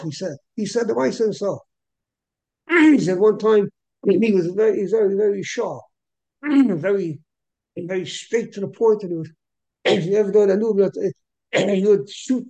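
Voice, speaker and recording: Creaky, husky man giving a Torah class. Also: high-pitched, expressive, moderate pace, a little mellow, poor audio. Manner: repeats words, frequent throat clearing. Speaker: Torah teacher.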